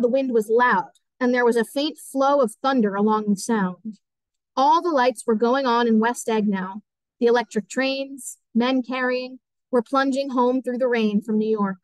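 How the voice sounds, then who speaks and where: A woman's voice: on the high side, no room sound, rough recording. Woman teacher reading a novel aloud. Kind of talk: audiobook narration.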